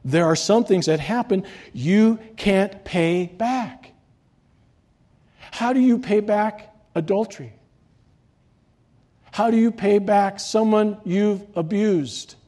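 A man preaching a sermon, swinging between loud, rising reading and quiet, dropped endings. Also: high voice, slow pace, long pauses. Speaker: pastor.

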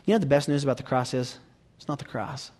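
A man preaching a sermon, swinging from hushed near-whispers to loud emphatic peaks and asking the audience rhetorical questions. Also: mid-range voice, fast.

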